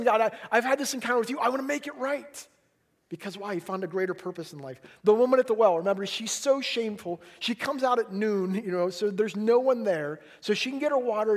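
A male preacher with a high, bright voice and an animated delivery. He acts out the scripture stories as he goes and drops to a hush whenever he voices God. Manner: animated, drops to a hushed whisper when voicing God. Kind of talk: sermon.

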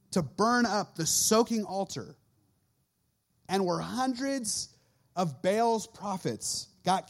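A man in his thirties, a youth pastor preaching a sermon in an animated way and acting out quoted voices. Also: high voice.

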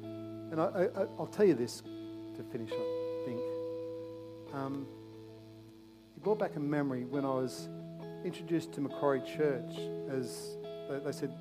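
A man preaching a sermon as pastor, passionate and repetitive, swinging between loud urgent pleas and hushed, intimate tones, often stammering into restarts. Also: medium pitch, unhurried, pauses often, loud music behind the voice. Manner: repeats phrases, restarts with stammers.

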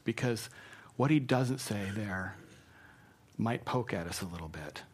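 A man preaching a sermon as pastor, earnest and emphatic, dropping soft for tender points. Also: fairly low pitch, lively intonation, measured pace, breathy edge.

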